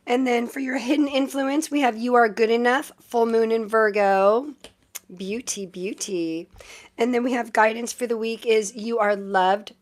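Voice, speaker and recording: A woman's voice: on the high side, measured pace. A woman live-streaming tarot readings, chatting casually with viewers and using lots of fillers as she reads the cards. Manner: chatty, many fillers, thanks viewers often.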